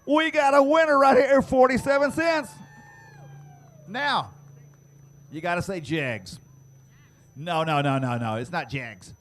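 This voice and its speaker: A man announcing prize giveaways to the crowd at an outdoor dirt racetrack, teasing fans and shouting to get them to answer. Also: very high voice. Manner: loud, teasing, drawn-out shouting. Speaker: track announcer giving away prizes.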